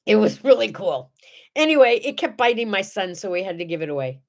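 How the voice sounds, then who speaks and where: A middle-aged woman hosting a morning show, chatting to viewers and telling animated stories. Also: mid-range voice, fairly quick. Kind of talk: casual chat and storytelling.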